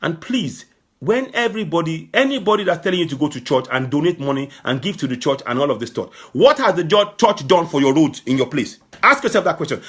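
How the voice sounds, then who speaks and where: A man giving an impassioned political address to his audience, fervent and repetitive, sometimes shouting. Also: a little high, husky. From Nigeria. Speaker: political broadcaster.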